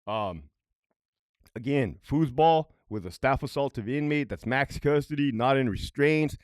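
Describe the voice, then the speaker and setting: Speaking a little slowly in a mid-range voice, this middle-aged man used to be a correctional officer. He tells prison stories with profanity and mounting agitation, repeatedly checking in with "right?", in a clean studio recording without echo.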